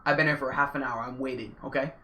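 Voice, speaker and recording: A young man telling a casual story on his vlog, animated and slangy. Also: mid-range voice, racing. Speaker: vlogger. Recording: echoey room.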